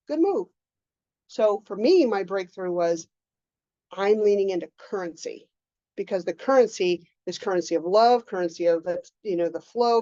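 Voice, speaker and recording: A woman coaching a group in a casual lecture, animated, often acting out her own inner voices. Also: mid-range voice, dry recording, lo-fi sound. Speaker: mindset coach.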